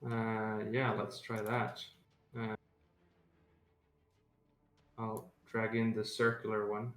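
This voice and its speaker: Man, game master, hesitant filler-heavy delivery, unhurried, roomy echo. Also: lowish voice, little pitch movement, a bit bright, soft background music. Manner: hesitant, many filler pauses. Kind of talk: running an online tabletop game.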